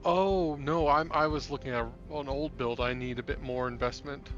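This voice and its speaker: A man talking over an online voice chat while gaming, thinking aloud and pausing often to find words. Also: medium pitch, steady tone, a bit bright, muffled recording, faint music behind. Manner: halting, thinks aloud about builds. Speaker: co-player. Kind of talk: casual gameplay chat.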